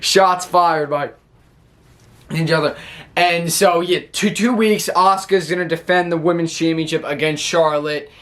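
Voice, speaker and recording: A young man hosting a casual wrestling recap video, chatty and excitable, quick to laugh. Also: fairly high pitch. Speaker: wrestling show recap YouTuber.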